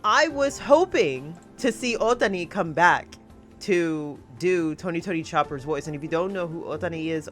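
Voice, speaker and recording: Gushing, giggly woman reacting to anime. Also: on the low side. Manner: gushing and giggly, laughs often. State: emotional, close to tears. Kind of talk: excited reaction commentary.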